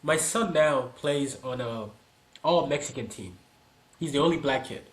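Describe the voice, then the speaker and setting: A man's voice: mid-range voice, measured pace. A man in casual podcast chat about youth soccer, telling stories and acting out what people said. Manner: animated storyteller, acts out quoted people. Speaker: podcast co-host and soccer dad.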